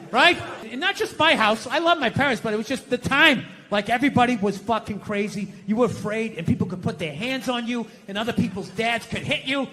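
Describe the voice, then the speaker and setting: Middle-aged guy doing standup, yells a lot, swears nonstop, roomy hall echo, crowd roaring. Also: extremely high pitch, a little fast, hardly any pauses. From United States. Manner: brash profane ranting, bursts into shouts. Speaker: stand-up comedian. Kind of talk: stand-up comedy set. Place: live stage before an audience. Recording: echoey hall, loud crowd and noise.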